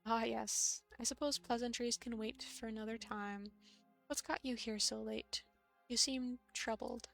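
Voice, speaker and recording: A woman voicing a gracious older woman who speaks in a gentle, polite, unhurried way, with a slightly high voice. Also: fairly even intonation, gravelly, soft background music.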